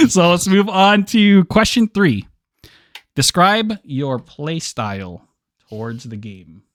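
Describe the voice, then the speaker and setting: Man, raised pitch, hosting a relaxed game club chat; joking, quick to laugh, dry mic. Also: no room sound. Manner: laughs often, joking, restarts words. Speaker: podcast host. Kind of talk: casual group discussion.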